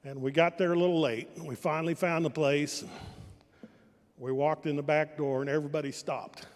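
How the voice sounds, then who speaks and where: An older man from Kansas spins deadpan family stories, stopping to correct himself mid-sentence. His voice sits high for a man. It rings with the long echo of a large event hall. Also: moderate pace. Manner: dry storytelling with self-corrections. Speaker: family member giving a speech. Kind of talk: humorous anecdotal speech. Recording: reverberant hall.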